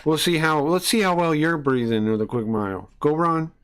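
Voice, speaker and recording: A man's voice: a little high, lively intonation, moderate pace, fairly bright tone, smooth. A man casually reacting to a video, indignant and rambling, often repeating himself.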